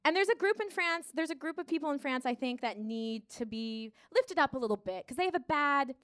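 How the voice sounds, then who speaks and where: An American woman performing a live stand-up set, animated and acting out dialogue in voices. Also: high-pitched, fairly quick. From United States. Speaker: stand-up comedian. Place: theater stage before a laughing audience.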